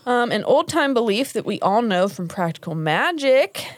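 A woman's voice: a little high, sing-song, moderate pace, no echo, studio quality. A woman co-hosting a podcast, talking casually, laughing often and swearing freely, tired. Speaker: podcast co-host. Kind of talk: casual chat.

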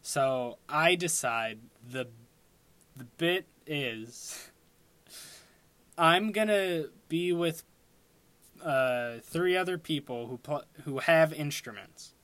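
A man's voice: a little high, expressive, slow pace, long pauses, a bit bright, no room sound. A young man telling a rambling personal story in a casual way, laughing at himself and breaking off to correct his own track. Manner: rambling, self-interrupting, laughs at own stories.

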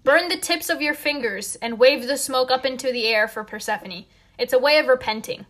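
A Colombian teenage girl hosts a casual podcast over a phone call, speaking in a high, somewhat bright voice at a fairly quick pace. She jokes around and gets dramatic while spinning tall stories.

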